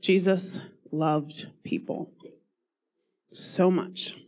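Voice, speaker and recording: A woman's voice: low voice, very slow, darkish tone. A woman preaching a sermon while losing her voice; she talks earnestly, coughing and laughing between phrases.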